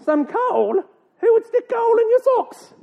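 A man voicing a puzzled son and his mother, squeaky and indignant. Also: big pitch swings, measured pace, vocal fry, exaggerated voice. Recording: tinny phone-like sound.

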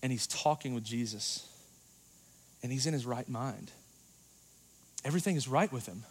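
A man preaching a sermon in a dynamic, conversational way, swinging between loud passages and hushed ones. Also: mid-range voice, moderate pace, slight background noise. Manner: conversational, uses "like" and "you know".

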